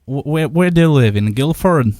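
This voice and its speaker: A radio prankster, a man making a prank phone call with playful, drawn-out flirty teasing. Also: fairly high pitch, animated, darkish tone, dry recording, studio quality. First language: Lithuanian.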